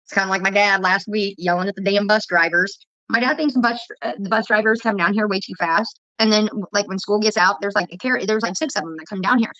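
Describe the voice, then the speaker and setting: A woman's voice: medium pitch, fast, pushed and bright, no echo. A woman vlogger telling heated, profane stories in casual livestream chat, with dull lo-fi audio.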